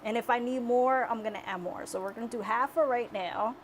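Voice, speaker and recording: A woman's voice: a little high, brisk, noisy background. A young woman cooking in her home kitchen, chatting casually and explaining each step as she goes. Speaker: home cook.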